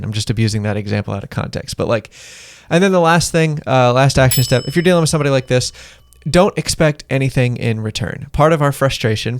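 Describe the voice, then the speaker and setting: A man's voice: mid-range voice, gravelly, no room sound. Dry-voiced man giving casual advice. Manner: rambling, offhand, acts out little dialogues. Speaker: podcast co-host.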